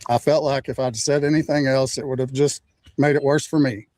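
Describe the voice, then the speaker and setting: An older man recounting what happened to him in a plain, measured way. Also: medium pitch, fairly even intonation, dark tone, no echo. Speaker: interviewee. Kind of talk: recounting a story.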